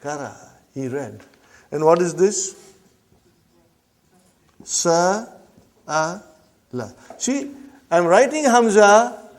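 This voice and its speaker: A man's voice: high-pitched, lively intonation. Man teaching Arabic grammar drills. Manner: drills phrases slowly, checks in with students often. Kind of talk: classroom grammar lesson.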